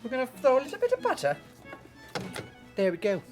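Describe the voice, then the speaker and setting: A woman's voice: high voice, wildly swooping pitch, brisk, darkish tone. A woman voicing a fussy, perky British woman TV cook in a put-on British accent, with twee, silly asides. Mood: chirpy. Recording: background music.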